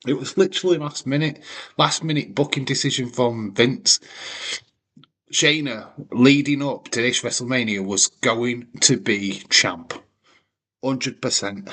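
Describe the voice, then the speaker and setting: A man's voice: medium pitch, measured pace, fairly bright tone. A man hosting a wrestling watch-along, giving blunt, opinionated commentary full of swearing and frequent restarts.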